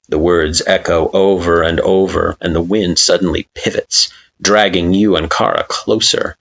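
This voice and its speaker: A man reading a fan-fiction story aloud with slow, expressive narration. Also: low voice, gravelly. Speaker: story reader.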